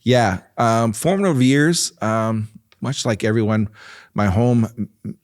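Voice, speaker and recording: A man in his fifties, a nonprofit leader, telling stories in a relaxed interview with easy laughs and filler words. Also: lowish voice, a little slow, no echo, clean studio sound. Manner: warm storytelling with frequent laughs and fillers. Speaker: nonprofit president and guest.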